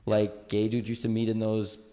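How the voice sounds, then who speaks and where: A man's voice: lowish voice, moderate pace, long reverb tail. A man telling stories in a casual podcast chat, acting out the voices of the people in them. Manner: animated storyteller, acts out quoted voices. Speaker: podcast guest, local history storyteller.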